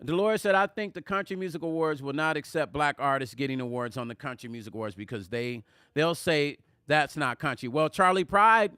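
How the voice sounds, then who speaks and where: Animated man hosting a music livestream. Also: fairly high pitch, a little fast, clear, resonant tone, dry recording, clean studio sound. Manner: animated and emphatic, repeats words for emphasis. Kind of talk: casual livestream chat reading comments.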